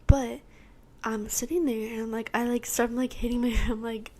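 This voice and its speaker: A woman's voice: a little high, steady tone, normal speed, a little mellow. A teenage girl from Texas hosting a podcast, giving a rambling personal testimony and acting out what people said to her. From Texas, USA. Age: teens. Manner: rambling storytelling, acting out her own and others' lines. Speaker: podcast host.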